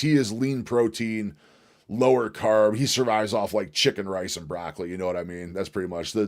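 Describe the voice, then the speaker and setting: A man hosting a casual livestream, rambling and swearing as he reacts to clips. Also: lowish voice. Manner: profane, rambling, excitable. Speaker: livestream host.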